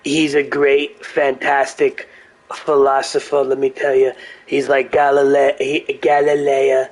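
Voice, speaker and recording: A man's voice: mid-range voice, monotone, a little slow, lightly acted, poor audio. A man doing a comedic impression of an older male politician who rambles, brags and keeps repeating "let me tell you.". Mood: boastful.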